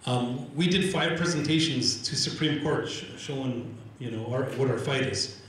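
Animated male speaker in an echoey hall. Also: mid-range voice, normal speed, distant mic, slight background noise. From Canada. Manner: animated storyteller acting out quoted exchanges; repeats words when restarting. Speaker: Indigenous organizer and speaker. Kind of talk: live public talk. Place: large event room with audience. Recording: very roomy hall echo, faint ambience.

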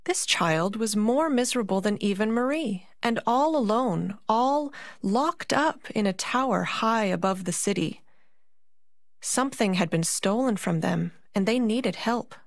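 A woman narrating a fairy tale for a concert, slow and deliberate with dramatic pauses. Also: medium pitch, lively intonation, no echo, studio quality. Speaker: narrator and puppeteer.

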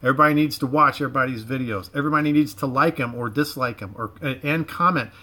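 A middle-aged Florida man talks to his livestream audience from his home garage in a bright, forward, medium-pitched voice. His loose Southern drawl carries touches of Cajun, and he speaks fast, rambling, restarting sentences and leaning on folksy slang.

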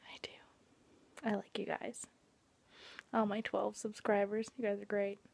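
Husky-voiced young woman venting in whispers. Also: medium pitch, little pitch movement, measured pace, darkish tone. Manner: frustrated and venting, swearing, often dropping to a whisper. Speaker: vlogger. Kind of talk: casual late-night venting vlog. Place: at home indoors.

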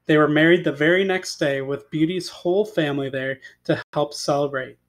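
A male teacher reading a fairy tale aloud expressively and stopping to ask his students questions. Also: fairly high pitch. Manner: expressive read-aloud, pausing for questions to the class.

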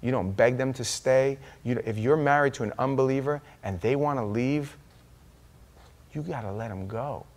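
A male pastor giving an impassioned sermon, swinging from hushed confession to loud emphasis. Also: medium pitch, normal speed.

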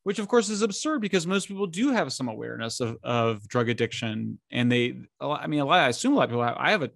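A middle-aged man talking as an interview guest, animated and incredulous, speaking in bursts with frequent restarts. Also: mid-range voice, fast, gravelly, no echo, studio quality. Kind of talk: conversational interview.

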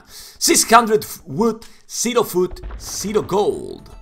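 A male game caster whose first language is Spanish, with a high, bright voice that leaps all over the place. He commentates live in broken English and bursts into shouts whenever a big play happens. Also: takes it slowly, creaky, husky, faint music behind. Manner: excitable, swings into shouts at big plays; non-native English with broken grammar.

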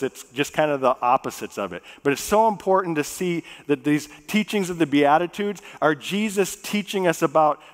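A man preaching a sermon as pastor. He talks in a relaxed, conversational way, jokes with the congregation, and slows down to read scripture. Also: a little high. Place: church sanctuary. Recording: long reverb of a church hall.

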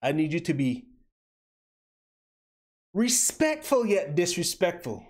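A man's voice: on the high side, sing-song, slow, darkish tone. A young man hosting a livestream, giving casual gameplay commentary and teasing his chat in a playful, joking way. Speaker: livestream host.

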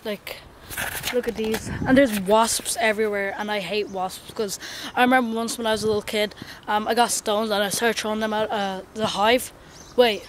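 A young woman chatting excitedly to her handheld camera while walking around outdoors, filling her talk with "like" and "guys". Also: medium pitch, normal speed. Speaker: vlogger. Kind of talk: casual travel vlog. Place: outdoors on a hot hillside and beach. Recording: noisy outdoor camera audio with wind.

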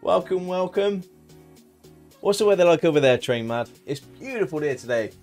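A man's voice: a little high, animated, moderate pace, darkish tone, faint music behind. A man, streaming a farming game and chatting casually with his viewers, greeting them by name. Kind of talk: casual live-stream chat.

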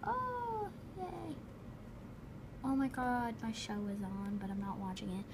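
A woman's voice: mid-range voice, a little fast, background noise. A woman giving casual game commentary, chatty and giggly, full of dramatic exclamations. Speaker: gameplay commentator.

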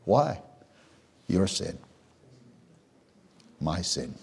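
A pastor preaching a sermon in a church, swinging from hushed, slow lines to loud, high exclamations. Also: male voice, big pitch swings, creaky, slightly rough. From Texas. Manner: preaching with big swings, dropping to a hush then rising to a near shout. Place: church sanctuary.

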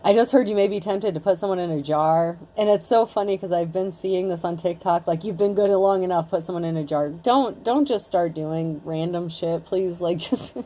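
A woman's voice: on the low side, warm tone. A woman giving a casual tarot reading, chatty and blunt, swearing freely and saying "like" a lot. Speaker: tarot reader.

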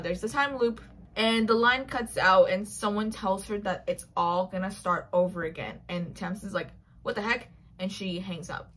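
Young woman, chatty book-recap vlogger, slightly husky tone, middle-height voice, gushing delivery that acts out each character. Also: medium pitch, fairly bright tone. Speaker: book reviewer. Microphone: built-in mic.

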